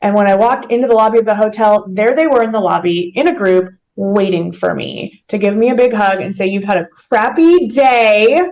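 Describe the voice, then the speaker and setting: A woman telling a personal story in an interview. She talks earnestly, with emotion and vivid detail. Her voice sits in a middle pitch. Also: a little fast, hardly any pauses, a little mellow, rough recording. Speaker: mortgage company president, podcast guest.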